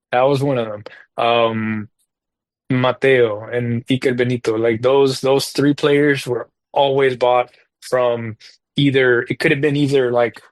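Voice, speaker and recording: Man, podcast guest, casual rambling chat, lots of fillers, animated, dry room. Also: mid-range voice, no echo. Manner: rambling storyteller, heavy with fillers; animated when recalling frustrations.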